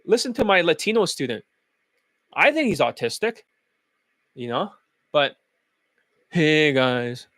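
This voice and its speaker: A man's voice: high-pitched, very animated, moderate pace, long pauses, fairly bright tone, dry recording. A man hosting his own channel as a dating coach, delivering a blunt, mocking rant full of swearing. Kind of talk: profane reaction rant.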